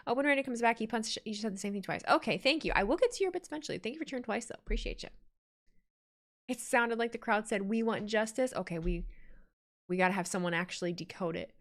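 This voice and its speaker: A woman live-streams her reaction to a wrestling show, talking casually, laughing often, and reading viewer messages aloud. Her voice is fairly high-pitched and she speaks fast.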